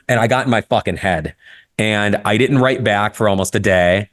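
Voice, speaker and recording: A man talking candidly in a casual podcast conversation, telling stories with frequent swearing and lively shifts in tone. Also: fairly low pitch, normal speed. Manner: candid, profane, storytelling, lively. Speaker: guest photographer.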